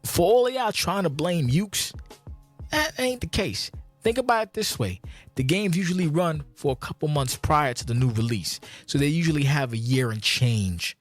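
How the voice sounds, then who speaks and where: A man hosting a gaming channel, delivering a profane, heated rant with many restarts and sudden jumps up in pitch when outraged. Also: lively intonation, moderate pace, soft background music. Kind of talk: profane ranting vlog.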